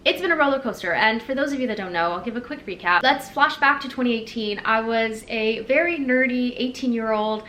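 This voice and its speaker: A woman's voice: fairly high pitch, fairly quick, few pauses, a bit bright. Chatty young woman vlogging in an echoey room. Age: 20s. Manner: candid and reflective, with many fillers. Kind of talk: casual vlog talk to camera. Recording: echoey with faint background noise.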